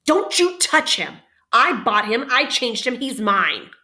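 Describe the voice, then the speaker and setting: A woman voicing a possessive, hot-tempered boy who yells and bosses. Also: very animated, unhurried. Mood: defiant. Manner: shrill yelling, bossy.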